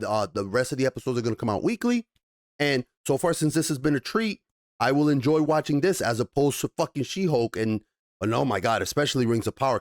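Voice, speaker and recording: A man chatting through a casual show review, animated and swearing freely. His pitch sits mid-range. The recording is dry and close, with no room sound. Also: no echo.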